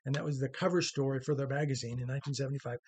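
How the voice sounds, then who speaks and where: A middle-aged man hosts an opinion commentary monologue, speaking earnestly in a medium-pitched, slightly mellow voice at a racing pace. He rambles conversationally with lots of fillers and restarts, and there's a little background noise.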